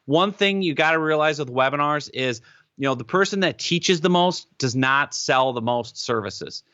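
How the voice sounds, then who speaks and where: A man being interviewed, giving advice in an animated, emphatic way and often checking in with "right?". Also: a little high, moderate pace, dry recording, dull audio. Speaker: guest expert on webinars.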